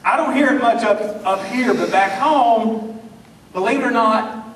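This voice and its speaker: A man's voice: very high voice, measured pace, a bit bright, a little hiss or hum. A man with a rural Southern US accent, telling folksy, drawling jokes to an audience in a hall. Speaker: speaker. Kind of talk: humorous speech to an audience. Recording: echoey room, mic from far off.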